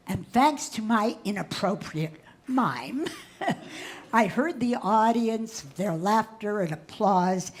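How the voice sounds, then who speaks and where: A woman in her nineties from Boston telling comic stories of her life on a cabaret stage in a slow, deliberate, wry delivery. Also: on the high side. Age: 90s. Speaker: comedian. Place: live stage at a cabaret venue.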